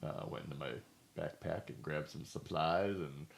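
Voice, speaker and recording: A man's voice: extremely low pitch, normal speed, creaky. A talkative man telling funny stories in casual chat, joking and laughing as he goes. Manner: talkative, jokey, laughs at his own stories. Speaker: co-host.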